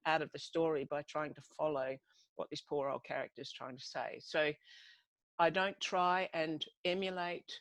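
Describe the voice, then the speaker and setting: A woman's voice: sits low, fairly even intonation, normal speed, dry recording, rough recording. An Australian woman author in a casual video-call chat, musing aloud and searching for her words. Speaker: author guest.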